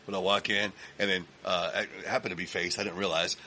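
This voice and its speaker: Lively, profane Texas-raised man telling stories. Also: low voice, a little fast, a little hiss or hum. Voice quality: profane, animated storyteller with lots of fillers. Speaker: podcast guest, musician. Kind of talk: casual storytelling chat. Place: recording studio.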